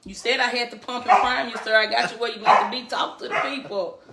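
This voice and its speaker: A woman's voice: on the high side, steady tone, fast, creaky, echoey room, very noisy. A woman in her thirties hosting a casual livestream from her living room, chatty and teasing, laughing often. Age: 30s. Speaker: livestream host.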